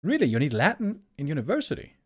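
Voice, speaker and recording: This esports caster, a German man whose English carries an American flavor, talks to his stream viewers at a quick pace. His slightly high voice swoops wildly in pitch as he rambles and repeats words searching for the right one.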